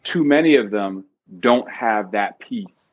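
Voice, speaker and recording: A man speaks in a lowish voice, earnest and reflective, in a casual podcast discussion. The audio is dull and lo-fi. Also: expressive, takes it slowly. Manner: earnest, reflective, quotes from the book. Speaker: podcast guest, author.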